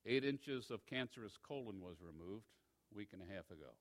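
A man preaching a sermon in an animated, wry way, swinging between loud emphasis and hushed asides. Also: on the low side, brisk. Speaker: pastor.

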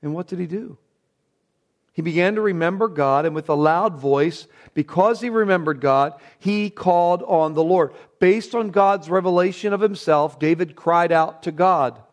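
A man preaching a Bible sermon, dropping to a hushed, reverent tone and then rising into emphatic, repeated phrases. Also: high voice, normal speed. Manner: swings between hushed reverent passages and raised emphatic bursts; repeats words when building a point. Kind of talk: expository sermon.

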